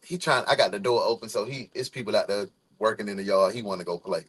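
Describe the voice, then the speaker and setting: A man's voice: lowish voice, quick pace, husky, rough recording. A man hosting his own show, giving casual, encouraging motivational talk to his viewers. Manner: animated, encouraging. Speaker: host.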